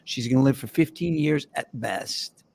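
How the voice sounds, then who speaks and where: Gravelly-voiced man rambling on a podcast. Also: mid-range voice, moderate pace, a little mellow. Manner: rambling, jokey storyteller. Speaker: host. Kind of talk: casual podcast banter.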